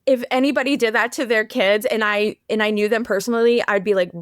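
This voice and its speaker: A woman co-hosting a movie podcast, chatting casually with quick agreements and playful quotes from the characters. Her voice is a bit high, recorded close and dry. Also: steady tone, clear, resonant tone, no echo. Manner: frequent short agreements, playful quoting of characters. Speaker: podcast co-host. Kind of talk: casual chat.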